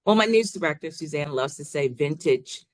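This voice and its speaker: A woman TV news reporter and anchor answering interview questions in a measured way, with frequent filler sounds. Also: low-pitched, expressive, no echo.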